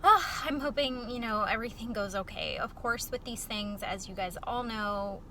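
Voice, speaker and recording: Woman, casual personal vlog, candid, heartfelt, soft-spoken, bright tone. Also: fairly high pitch, normal speed, a little hiss or hum, low-quality recording. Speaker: vlogger.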